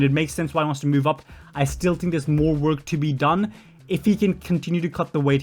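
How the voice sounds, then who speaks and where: A young man with a slightly high voice talks through his picks in a blunt, opinionated way. He stumbles, corrects himself and fills gaps with "um" as he goes. Faint music plays under his voice. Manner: blunt, opinionated, with frequent fillers and self-corrections. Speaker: MMA commentary channel host. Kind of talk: opinionated solo commentary.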